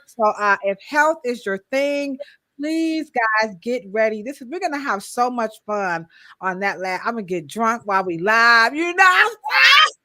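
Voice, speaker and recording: A woman co-hosting a live-stream podcast, chatting casually and shouting out viewers in the chat by name. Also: a little high, measured pace. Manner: casual, slangy American speech. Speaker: podcast co-host.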